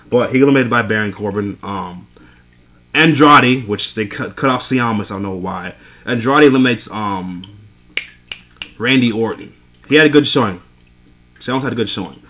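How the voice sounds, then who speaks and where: A man's voice: mid-range voice, expressive, quick pace, sharp tone. A young man recapping a wrestling event in a casual, profane rant, exasperated and laughing between points. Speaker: wrestling show reviewer.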